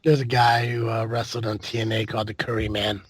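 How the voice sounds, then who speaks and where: A man's voice: fairly low pitch, little pitch movement, brisk, husky, no room sound. A man hosting a podcast in casual chat, loose, profane and jokey. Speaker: podcast host.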